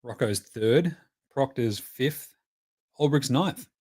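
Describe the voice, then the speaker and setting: Australian man, thirties, live reaction host, profane, excitable, mid-pitched voice, dry close recording. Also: slow pace, breathy edge, no echo. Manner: excitable, profane, cheers and chants at the screen. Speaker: podcast host.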